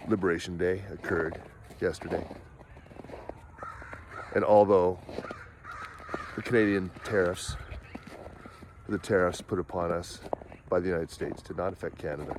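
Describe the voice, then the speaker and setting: A man impersonating a pompous, droning middle-aged male politician who makes slow, solemn, self-important pronouncements while he walks outdoors. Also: deep voice, steady tone, background noise. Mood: smug solemn. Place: outdoors in woods, walking.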